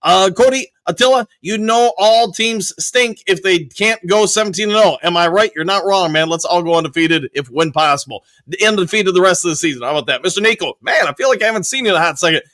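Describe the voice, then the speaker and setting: Upbeat high-voiced male sports stream host. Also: sharp tone, dry recording. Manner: upbeat, greets viewers by name. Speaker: show host. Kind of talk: live-stream chat reading and sports talk.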